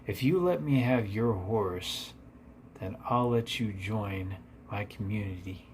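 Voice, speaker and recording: Man putting on a low-voiced cult leader, slow fatherly warnings. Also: darkish tone, a little hiss or hum. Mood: ominous. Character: smooth-talking male wilderness cult leader.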